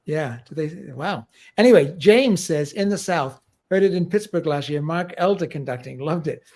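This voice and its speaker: A man co-hosting a music livestream talks in a lively, animated way and laughs often. His voice sits high. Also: normal speed. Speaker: livestream co-host. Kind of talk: casual chat.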